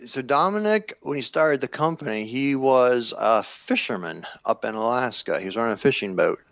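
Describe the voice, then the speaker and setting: A man being interviewed as a game developer, explaining in a relaxed way with plenty of "you know" fillers. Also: mid-range voice, normal speed, vocal fry, dry recording, lo-fi sound. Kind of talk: casual interview talk.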